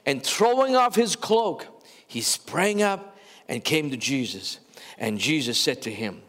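A male pastor delivers a lively sermon in a high voice, speaking straight to his congregation with restarts and fillers. He slows to stretch out key words and swells in volume on the emphatic parts. The sound carries a long reverb from the church sanctuary. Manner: animated preaching, often stretching words and crying out louder.

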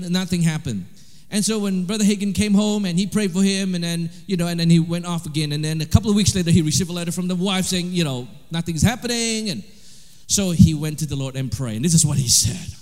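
A man preaching a sermon, animated, swinging between loud emphasis and quiet asides. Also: a little high, in a large hall. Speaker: pastor.

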